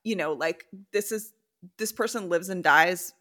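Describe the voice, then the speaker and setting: A woman's voice: fairly low pitch, unhurried, fairly bright tone. A woman hosting a podcast, reading listener stories aloud and then chatting candidly with her guest. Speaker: podcast host. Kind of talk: casual podcast conversation.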